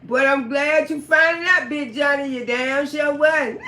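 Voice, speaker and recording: High, bright-voiced woman telling a profane story. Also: measured pace, roomy sound. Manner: profane, animated, laughing often. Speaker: livestream storyteller. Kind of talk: casual storytelling on a livestream.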